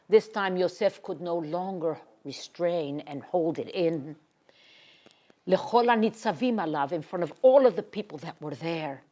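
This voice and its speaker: A woman giving a Torah lecture. She reads Hebrew verses and then translates them, sinking to a hushed whisper on emotional words. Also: on the low side, a little slow. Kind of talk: expressive Bible lecture.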